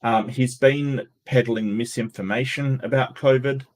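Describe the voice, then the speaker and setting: A man hosting a livestream, giving casual sarcastic commentary with many halting restarts. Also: medium pitch, fairly even intonation. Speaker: livestream host.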